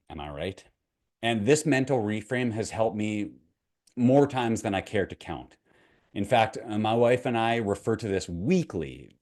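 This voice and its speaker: Deep-voiced male mindset coach. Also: a little mellow. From Canada. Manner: conversational, asks the viewer questions, retells a parable. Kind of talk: motivational storytelling to camera.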